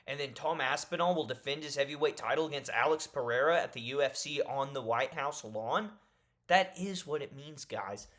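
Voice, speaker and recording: A man giving opinionated solo commentary in a video, emphatic and animated, repeating points for stress. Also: medium pitch, normal speed. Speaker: MMA commentary YouTuber.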